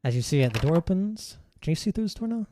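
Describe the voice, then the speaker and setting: A man's voice: fairly high pitch, big pitch swings, quick pace, dark tone, slight background noise. A man narrating a tabletop game as game master, rambling, with many fillers and restarts.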